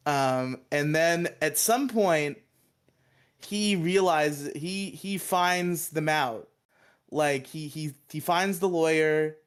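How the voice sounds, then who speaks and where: Man, podcast co-host, smooth clear voice, a bit high, excited rambling chat. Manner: excited, rambling, swears and laughs often, acts out quoted lines. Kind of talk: casual chat, retelling a show's plot.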